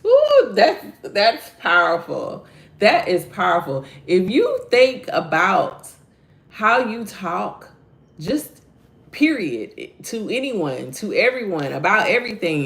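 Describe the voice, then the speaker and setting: A woman's voice: lowish voice, very animated, measured pace, gravelly. A woman hosts a morning devotional, reading verses and commenting on them animatedly for her viewers. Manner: talks to viewers directly, reading their chat names. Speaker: devotional host.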